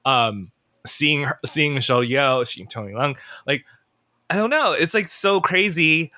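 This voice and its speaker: A man's voice: a little high, animated, a little slow, sharp tone, dry recording. A man guest on a podcast, chatting casually in an emotional, rambling way and second-guessing himself. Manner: emotional, rambling, self-questioning. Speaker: podcast guest, entertainment writer.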